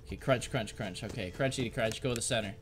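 A man's voice: fairly low pitch, quick pace, very noisy. A man doing let's-play commentary, frantic and swearing as he barks orders at the game. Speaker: gamer.

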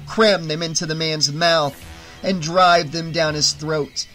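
A man's voice: fairly high pitch, pushed and bright. A man reading a horror novel aloud as an audiobook, in dramatic, tense scripted narration.

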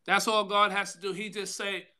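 A man pastor giving a devotional sermon, calling out to listeners by name, with a drawn-out delivery and sudden loud bursts. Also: high voice, little pitch movement, clear, resonant tone. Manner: preaching with call-outs to listeners by name.

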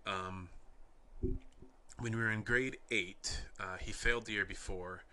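A young man from Canada hosting a podcast, telling wry, rambling anecdotes in a deadpan way. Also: lowish voice, a little slow. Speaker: podcast host. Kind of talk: casual storytelling.

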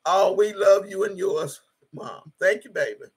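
Gravelly, raspy woman in her sixties. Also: medium pitch, measured pace. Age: 60s. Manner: blunt, profane and emphatic, repeating herself. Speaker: livestream host reading viewer comments. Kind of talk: casual livestream chat. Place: her home.

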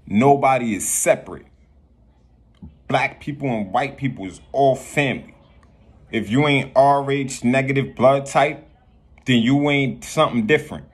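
Husky-voiced guy ranting about life and spirit, swears a lot, keeps repeating stuff. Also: mid-range voice, a little slow. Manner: profane, preachy, repeats himself. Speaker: vlogger. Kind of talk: rambling spiritual rant.

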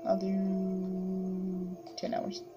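A woman's voice: mid-range voice, monotone, very slow, muffled recording, over music. A woman chatting casually while playing a game, giggling, yawning and talking to the characters on screen. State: sleepy, yawning. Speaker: gamer. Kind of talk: casual gameplay commentary.

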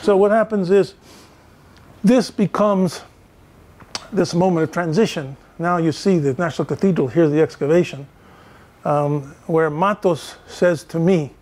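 An older man, a professor, giving a storytelling lecture with lively anecdotes and acted-out dialogue. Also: a little high, measured pace, a little hiss or hum. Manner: animated anecdotes, acts out quoted dialogue.

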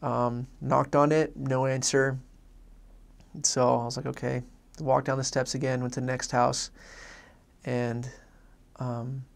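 A young former missionary tells a personal story haltingly, repeating words and filling his pauses. His voice sits in the mid-range and has a creaky quality.

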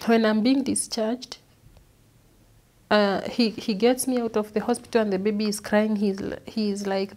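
Woman, mellow halting testimony. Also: mid-range voice, flat delivery. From Kenya. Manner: earnest, halting, repeats words as she recalls. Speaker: interview guest. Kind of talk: personal testimony.

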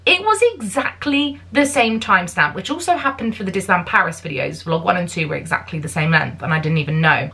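A woman's voice: mid-range voice, pushed and bright. A woman in her thirties from the UK, chatting casually to camera in a bubbly, filler-filled way. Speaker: vlogger.

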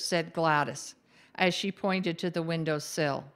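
Slow-reading woman author. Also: low voice, a bit bright, smooth. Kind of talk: reading her novel aloud. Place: live book event, indoors.

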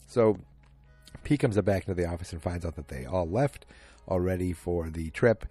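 A man's voice: low voice, normal speed, dark tone, breathy edge, faint music behind. A man hosting a solo podcast, casually retelling a TV episode scene by scene with quoted lines and plenty of ums. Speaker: podcast host recapping a TV episode.

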